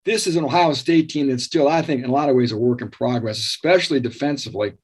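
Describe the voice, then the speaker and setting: A man's voice: mid-range voice, fast, darkish tone, breathy edge. A man on a sports talk panel, rattling off stats and recent history with enthusiasm. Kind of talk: sports talk show discussion.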